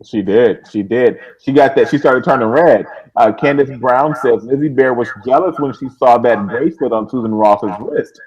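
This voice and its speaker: A man's voice: mid-range voice, normal speed, hardly any pauses, a little mellow, muffled recording. A man co-hosting a TV recap podcast, bantering with enthusiasm. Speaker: podcast co-host. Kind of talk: TV episode recap chat.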